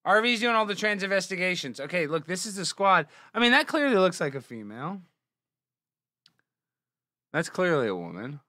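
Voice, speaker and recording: A young man from Texas hosting a comedic news show, reading headlines and mocking them with sarcastic, excitable riffs. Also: high-pitched, quick pace, few pauses, dry recording, clean studio sound. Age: young adult. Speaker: podcast host.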